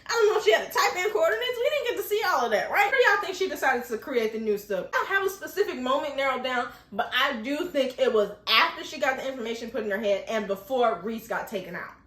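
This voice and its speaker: A woman recapping a TV episode in a casual vlog, animated and emotional, often laughing and putting questions to her viewers. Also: high-pitched, fast, hardly any pauses, roomy sound. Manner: addresses viewers with rhetorical questions. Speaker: TV show recap vlogger.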